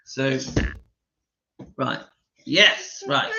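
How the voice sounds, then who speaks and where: Man, livestream host, forceful bright voice, opinionated, dull lo-fi audio. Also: medium pitch, very slow, long pauses. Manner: opinionated, emphatic, reads viewer comments aloud. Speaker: channel host reading live chat. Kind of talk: casual livestream chat.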